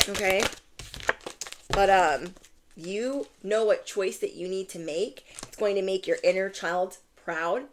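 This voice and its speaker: Her mid-range voice is animated and moves at a moderate pace, with some background noise behind it. She's a young adult tarot reader talking casually to viewers, gushing and peppering everything with "like" and "oh my gosh."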